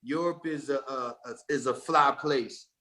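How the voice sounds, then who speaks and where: A man's voice: medium pitch, measured pace, sharp tone. A man from DC, telling stories as a guest in a laid-back, rambling podcast conversation. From Washington DC. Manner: laid-back, rambling storytelling with frequent restarts. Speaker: guest rapper.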